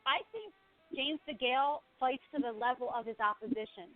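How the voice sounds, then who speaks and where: A woman's voice: high-pitched, moderate pace, no room sound, faint music behind. A woman co-hosting a boxing show, giving blunt and opinionated fight takes in casual chat. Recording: tinny phone-like sound.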